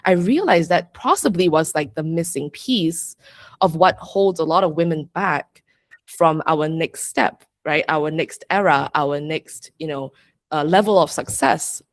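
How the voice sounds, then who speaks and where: A young adult woman guesting on a podcast, talking in an open, rambling, reflective way and laughing easily. Her voice sits a little low, and the recording is dry and close with no room sound. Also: measured pace, no echo. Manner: chatty and reflective, peppered with "like", laughs often. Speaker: podcast guest, astrologer and coach. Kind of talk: casual interview chat.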